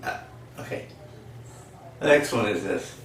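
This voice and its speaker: Recorded a bit far from the mic in an echoey room with slight hiss or hum, a US man casually rambles through old jokes, peppering them with "you know" and laughing at his own punchlines. His voice is on the low side, creaky and a bit bright, expressive and a little slow.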